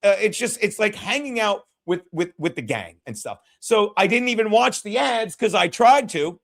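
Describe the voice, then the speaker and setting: A man's voice: high voice, very animated, normal speed, vocal fry, a bit bright. A man hosting a podcast, chatting casually and bluntly, rambling and swearing often. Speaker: podcast host. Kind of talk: casual, profane chat.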